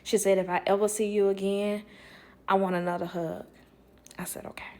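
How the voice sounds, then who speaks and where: A woman telling a casual storytime, animated, quoting people in lively voices and laughing often. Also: mid-range voice, normal speed. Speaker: storyteller vlogger.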